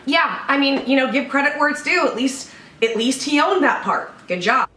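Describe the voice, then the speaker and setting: A woman's voice: high-pitched, lively intonation, normal speed, bright, forceful tone. A woman giving casual, blunt reaction commentary, swearing freely. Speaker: commentary vlogger reacting to a video. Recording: echoey room, distant mic, faint background noise.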